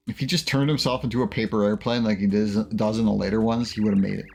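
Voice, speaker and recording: A young man co-hosting a let's play, reading game dialogue aloud haltingly and laughing often. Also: lowish voice, fairly even intonation, gravelly, darkish tone. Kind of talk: casual gameplay commentary, reading dialogue aloud.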